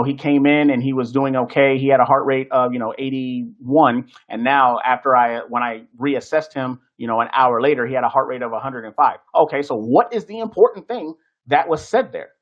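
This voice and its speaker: A man gives a relaxed, conversational lecture on nursing exam prep, circling back with frequent fillers and restarts. His voice sits at a middle pitch, and the recording sounds a bit dull and lo-fi. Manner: chatty, loose, many fillers and restarts. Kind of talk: casual presentation lecture.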